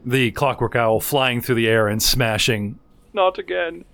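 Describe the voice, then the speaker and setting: A man running a tabletop game as game master over a video call, chatty and quick to laugh, narrating with playful sound effects. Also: mid-range voice, fairly even intonation, fairly bright tone. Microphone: video call mic.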